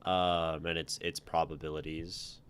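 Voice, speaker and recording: A man's voice: extremely low pitch, level tone, unhurried, fairly bright tone, clear, resonant tone. A man hosting a livestream, reading viewers' writing aloud and critiquing it in a rambling way full of ums and restarts.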